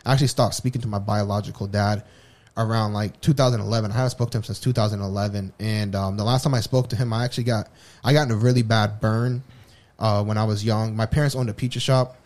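A man with a lower voice, fairly even in intonation and a little mellow, speaks fast while co-hosting a podcast. His casual personal story comes out candid and rambling, with many restarts.

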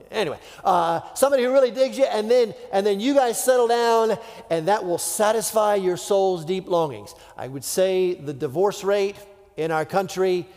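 A man's voice: high voice, darkish tone. A man preaching a sermon in a conversational way, dropping to near-whispers for effect and acting out imagined voices. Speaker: pastor. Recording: long hall reverb.

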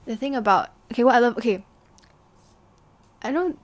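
A young woman co-hosting a casual podcast chat with a friend, giggly and animated, often restarting her sentences. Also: fairly high pitch, moderate pace, no room sound. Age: young adult. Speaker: podcast co-host.

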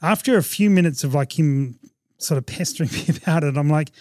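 A man hosting a podcast, telling a travel story in a casual, animated way, laughing often and acting out what people said. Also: on the high side, fairly quick, no room sound. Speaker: podcast host.

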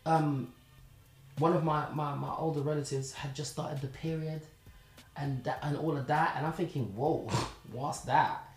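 A man's voice: a little high, little pitch movement, moderate pace. A man from Zimbabwe hosting a casual podcast chat, telling stories with animation and then turning earnest and reflective. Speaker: podcast host. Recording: roomy echo.

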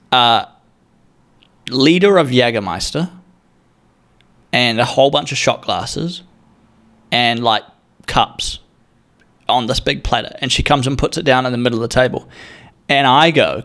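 A man's voice: mid-range voice, a bit bright. Sweary young New Zealand man rambling. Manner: sweary, self-mocking, rambling. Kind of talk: rambling comic storytelling.

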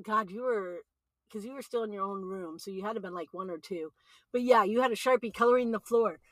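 A middle-aged woman, a mother co-hosting a family podcast, telling stories in an animated way and laughing as she goes. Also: mid-range voice, fairly quick, no room sound. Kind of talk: casual storytelling.

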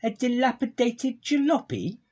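Posh British record-label gent, prim and baffled, very swooping pitch; a man puts him on. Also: big pitch swings, unhurried, a little mellow, muffled recording, full character voice. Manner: plummy, stiffly polite, literal-minded.

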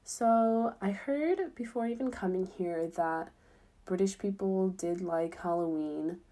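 Young girl vlogging, warm mellow tone, chatty and upbeat. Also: medium pitch, slow. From United States. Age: young adult. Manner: chatty, filler-heavy, upbeat. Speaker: student abroad. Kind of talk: casual vlog chat.

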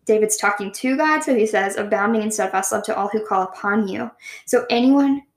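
A woman leading a casual devotional Bible study, chatty and full of "like" fillers, reading the verses slowly. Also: medium pitch. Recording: echoey room.

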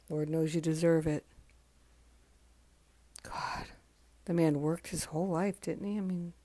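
A woman in her forties hosting a podcast, talking casually in a soft, halting way, worn out from crying. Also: deep voice, no echo. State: exhausted from crying. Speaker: podcast host. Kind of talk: casual spoken tribute monologue.

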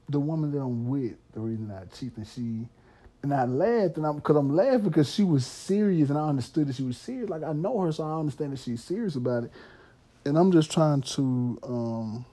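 A man talks through a personal story on his podcast. His voice is very dark and mellow, and his pitch sits at an ordinary middle. He sounds loose and candid, and he laughs easily between thoughts. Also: lively intonation, a little fast. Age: 30s. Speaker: podcast host. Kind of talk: casual storytelling monologue.

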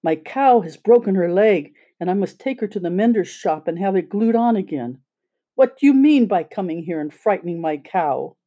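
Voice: medium pitch, expressive, moderate pace, warm tone, lightly acted. A reader doing a vexed china milkmaid. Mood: angry. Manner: scolding, vexed. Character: angry young china milkmaid woman.

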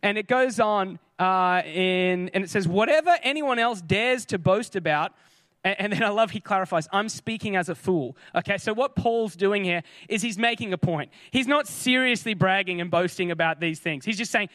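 A man delivering a conversational sermon in a very high voice, animated and chatty, with joking asides. The sound is dry and close, with no room around it. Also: moderate pace, no room sound. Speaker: preacher. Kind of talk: casual sermon.

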